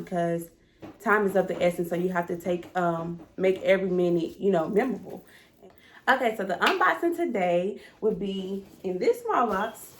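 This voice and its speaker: A woman's voice: medium pitch, creaky, slight background noise. A young woman, talking straight to her viewers in a chatty, emotional home vlog. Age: young adult. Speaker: vlogger. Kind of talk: casual vlog unboxing.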